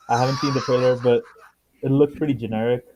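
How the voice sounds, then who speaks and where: A man co-hosting a casual chat over a video call, easygoing and quick to laugh. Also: mid-range voice, steady tone, a little mellow, highs cut off. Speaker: co-host.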